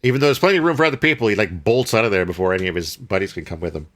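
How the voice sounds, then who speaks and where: A man with a low, bright, forceful voice talks through a film recap in loose casual chat. He rambles with plenty of fillers and restarts, speaking as a podcast co-host. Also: expressive, very fast.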